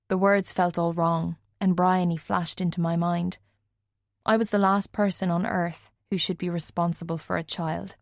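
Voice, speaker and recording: A woman narrating a first-person audiobook in a measured way, lightly voicing the other characters. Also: on the low side, little pitch movement, a little mellow, no room sound. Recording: dry studio recording.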